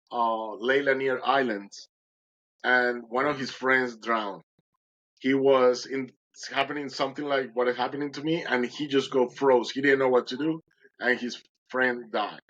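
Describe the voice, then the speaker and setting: A man's voice: medium pitch, lo-fi sound. Man telling a gripping survival story. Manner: animated retelling, acting out his own words. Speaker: podcast guest. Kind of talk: storytelling in conversation.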